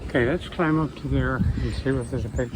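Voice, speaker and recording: A man's voice: medium pitch, fairly even intonation, a little fast. An older man chatting casually and matter-of-factly while hiking with his wife outdoors. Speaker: husband on a hike. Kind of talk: casual chat. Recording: noisy outdoor trail recording.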